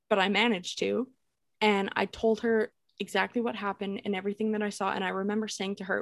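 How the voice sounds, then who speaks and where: A young woman casually telling a ghost story on a podcast, animated, laughing and swearing as she goes. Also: mid-range voice, brisk, gravelly, no echo. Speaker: podcast co-host.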